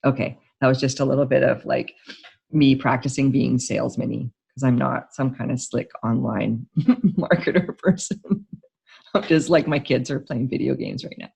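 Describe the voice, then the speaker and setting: Gravelly-voiced woman therapist, chatty. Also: rumbling low, normal speed. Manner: chatty and excitable, many "like" fillers. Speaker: grief therapist. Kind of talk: casual talk to camera.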